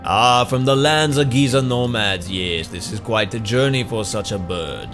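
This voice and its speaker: A man voicing a grave masked tribal elder, slow and deliberate. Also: fairly low pitch, expressive, music in the background.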